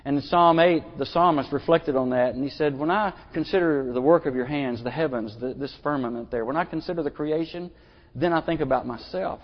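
Preacher guy, kinda high voice, folksy sermon, long church echo. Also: brisk. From Arkansas. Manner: earnest, folksy, with repeated restarts. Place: church sanctuary. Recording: dull lo-fi sound, long church reverb.

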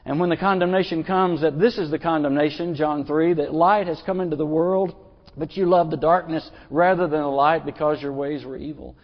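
Preacher guy, kinda high voice, folksy sermon, long church echo. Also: fairly even intonation, brisk. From Arkansas. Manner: earnest, folksy, with repeated restarts. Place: church sanctuary. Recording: dull lo-fi sound, long church reverb.

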